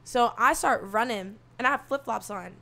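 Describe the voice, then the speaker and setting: A soft-spoken young woman telling a story in casual talk, animated and profane, acting out what people said. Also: on the high side, moderate pace, vocal fry. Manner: animated, swearing, acts out quotes.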